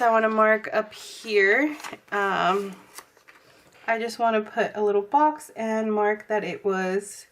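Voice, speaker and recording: A young woman from Texas, slightly hoarse, chatting casually to viewers about her planner and filling her talk with likes and ums. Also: medium pitch, fairly bright tone, a little hiss or hum. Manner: chatty, many fillers, addresses viewers as y'all. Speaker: planner vlogger.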